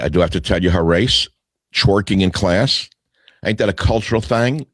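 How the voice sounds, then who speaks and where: A man's voice: a bass voice, no room sound. An older man hosting a talk radio show, reading headlines aloud and answering each with sarcastic, scornful asides.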